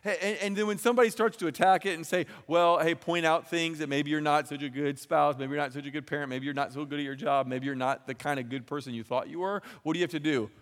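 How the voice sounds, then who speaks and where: A man's voice: a little high, fairly even intonation, fast, hardly any pauses. A man preaching a sermon in a chatty way, often repeating words and acting out the voices of people he quotes. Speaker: pastor. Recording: long hall reverb.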